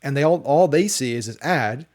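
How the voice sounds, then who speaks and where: A man's voice: mid-range voice, lively intonation, normal speed, darkish tone. A man in the role of a marketing educator, giving casual talking-head commentary and often checking in with rhetorical questions. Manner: conversational, leans on rhetorical "right?" checks.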